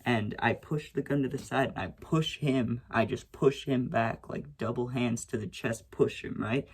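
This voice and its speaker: Gravelly young man telling a story. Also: mid-range voice. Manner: rambling, frequent "right?" and "you know what I'm saying"; swears freely, acts out shouted quotes. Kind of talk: casual storytime.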